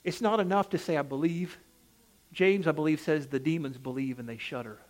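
Man, high voice, preacher, emphatic sermon delivery, rising and falling cadence, direct questions to listeners. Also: brisk. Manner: asks the congregation direct questions.

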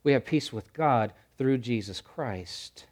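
A man delivers a sermon from the pulpit, his mid-pitched voice swelling into loud, insistent repeated phrases. He then pulls back to hushed, slower lines for weight. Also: animated. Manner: preaching with swelling emphatic repetition and dramatic drops to quiet. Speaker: pastor.

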